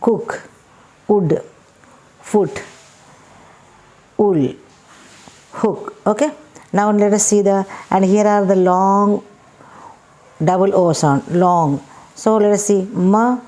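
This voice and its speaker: Slow, mellow teacher woman. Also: medium pitch. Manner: slow, repetitive, spells out letters. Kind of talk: phonics lesson for young children.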